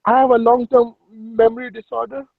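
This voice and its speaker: A man's voice: very high voice, little pitch movement, creaky, narrow, tinny audio, noisy background. A man on voice chat putting on a Pakistani accent and a fake crying voice, playing a pleading, nervous immigrant. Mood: whiny. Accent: put-on Pakistani accent. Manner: whimpering, pleading, halting. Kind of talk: voice chat prank role-play. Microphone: phone in a voice chat.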